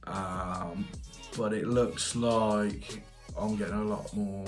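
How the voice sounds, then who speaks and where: A man's voice: lowish voice, steady tone, slow pace, soft background music. A British man, a plumber and channel host, chatting casually in a reaction vlog, thinking aloud and asking viewers questions. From United Kingdom.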